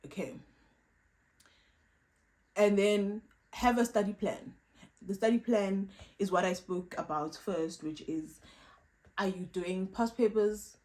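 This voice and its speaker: A woman's voice: mid-range voice, takes it slowly, long pauses, a little mellow, low-quality recording. A young woman giving casual, emphatic career and study advice in a vlog, repeating her points with playful asides. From South Africa. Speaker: vlogger.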